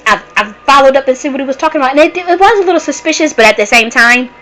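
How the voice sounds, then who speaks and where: A woman host talking in a casual monologue, an animated storyteller who swears a lot and restarts her sentences often. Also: high voice, very fast, low-quality recording. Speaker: channel host.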